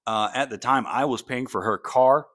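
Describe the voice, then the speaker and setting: A man's voice: mid-range voice, moderate pace, a bit bright. A man, a combat veteran, candidly telling a personal story in a casual monologue, full of ums and restarts. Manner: candid, frank, with frequent fillers and self-corrections. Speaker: podcast host.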